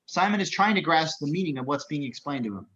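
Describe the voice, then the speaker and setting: A man reading stage directions as narrator, brisk and matter-of-fact. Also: a little high, lively intonation, a bit bright, dull audio.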